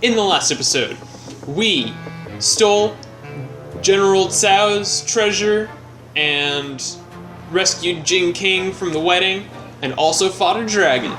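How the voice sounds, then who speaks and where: A man's voice: high-pitched, slow, bright, forceful tone, rough recording. A young man hosting a casual gameplay commentary, rambling, joking and mocking his own skill. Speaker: let's play host. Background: game music.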